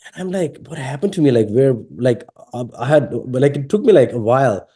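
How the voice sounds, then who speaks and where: A man from Pakistan, telling his personal story in an interview, halting and full of fillers and restarts. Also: mid-range voice, expressive, mellow, slightly rough. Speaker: interviewee sharing his testimony.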